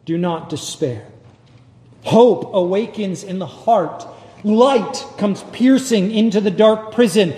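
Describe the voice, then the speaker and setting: A man preaching a sermon as a pastor, measured and dramatic with long pauses. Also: high-pitched, mellow. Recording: echoey hall with long reverb.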